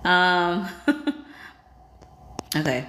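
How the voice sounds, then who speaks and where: A woman's voice: on the low side, very animated, drawn-out words, bright, forceful tone, slight background noise. A woman hosting a casual livestream, reading viewer comments aloud and reacting with chatty asides. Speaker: livestream host. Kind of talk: casual live-chat reading. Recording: roomy echo.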